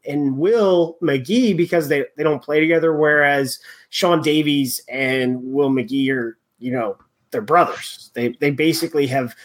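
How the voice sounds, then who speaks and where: A man hosting a casual sports chat, talking in halting bursts with many restarts and fillers. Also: a little high.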